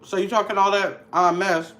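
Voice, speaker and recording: A woman's voice: medium pitch, fairly even intonation, normal speed, fairly bright tone. A woman from Milwaukee hosts a casual livestream from home. She talks straight to her chat, teasing and chatty, in a mid-range voice. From Milwaukee, Wisconsin. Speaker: livestream host.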